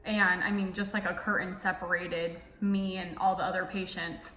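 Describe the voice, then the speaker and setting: A woman's voice: fairly low pitch, level tone, moderate pace, a bit bright, reverberant, long reverb tail, slight background noise, low-quality recording. A young woman vlogger telling a personal story in a casual, emotional way, full of "like" fillers.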